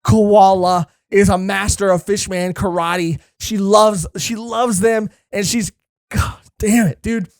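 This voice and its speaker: A man co-hosting a podcast, chatting casually, excitable and profane, rambling with lots of fillers. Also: high voice, takes it slowly, no room sound, studio quality. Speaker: podcast co-host. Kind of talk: casual chat.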